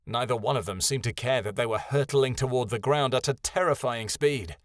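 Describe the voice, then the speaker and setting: A man narrating a fantasy audiobook in a calm, even storytelling voice. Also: mid-range voice, brisk, no room sound, clean studio sound.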